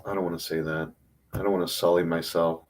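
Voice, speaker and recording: A man giving an emotional, self-critical confessional monologue on a livestream, rambling with halting restarts and frequent swearing. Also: low voice, flat delivery, a little hiss or hum.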